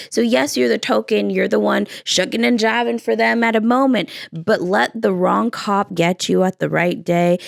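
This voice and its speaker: A woman's voice: medium pitch, gravelly, no room sound, clean studio sound. An American woman hosting a solo podcast, talking in an impassioned, rhetorical way and driving her points home through repetition. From United States. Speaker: podcast host.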